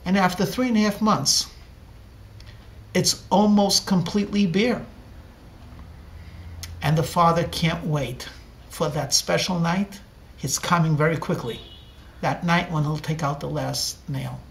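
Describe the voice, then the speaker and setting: A man's voice: a little high, steady tone, measured pace, vocal fry, pauses often. Man, rabbi, sermon storytelling, dramatic delivery, acts out the dialogue.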